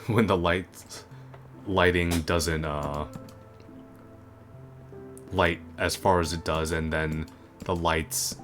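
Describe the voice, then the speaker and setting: Over game music, a gaming video creator rambles casually while playing, full of fillers, restarts, and self-corrections. His low voice is steady and fairly bright, with drawn-out words and long pauses.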